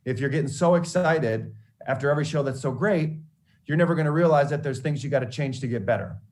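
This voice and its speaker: This sportscaster talks fast in a fairly high-pitched voice, giving students a storytelling speech about mentors and failure. Candid and animated, he keeps starting his sentences over as he goes.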